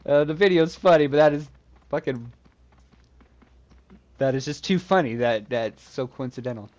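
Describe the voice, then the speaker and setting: A man's voice: fairly high pitch, normal speed, a little mellow, muffled recording. A man streaming a game, rambling to himself in casual commentary and swearing freely.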